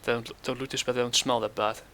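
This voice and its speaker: A man hosting a commentary channel, reacting scornfully to a clip, halting often with fillers. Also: medium pitch, little pitch movement, vocal fry, pushed and bright.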